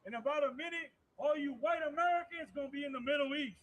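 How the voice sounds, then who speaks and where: High-voiced emphatic male preacher. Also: quick pace, fairly bright tone, poor audio. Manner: emphatic, repetitive, calls out to listeners, says "man" often. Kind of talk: street-style preaching on a live podcast.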